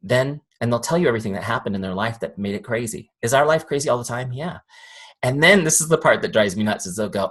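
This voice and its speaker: A man giving a live sales training talk, lively and questioning the audience. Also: mid-range voice, fast talker. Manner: lively, acts out quoted voices, asks audience questions.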